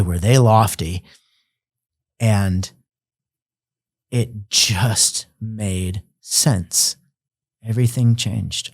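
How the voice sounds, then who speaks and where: A man's voice: lowish voice, a little mellow, no room sound, clean studio sound. A man sharing his personal testimony as a podcast guest, earnest and reflective, at times emotional.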